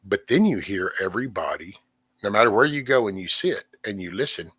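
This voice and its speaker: A man's voice: fairly low pitch, animated, brisk, a bit bright, slightly rough. A middle-aged man, venting in a rambling, cussing way on his livestream. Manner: rambling, frequent cursing, trailing off. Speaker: livestream host. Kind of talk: casual venting livestream chat. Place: home.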